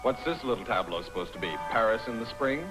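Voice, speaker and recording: An actor plays a quick-witted army sergeant who gives orders in a dry, commanding way. His delivery is lively and full of turns, with music clearly behind him. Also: medium pitch, close to an everyday voice, low-quality recording. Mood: wry. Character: wry, take-charge male army sergeant. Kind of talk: 1950s film comedy acting.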